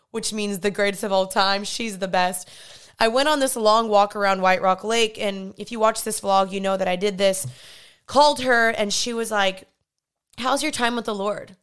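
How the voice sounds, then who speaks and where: Young woman vlogger, smooth clear voice, chatty and earnest, lots of quick asides. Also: mid-range voice, a bit bright. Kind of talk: casual confessional vlog talk.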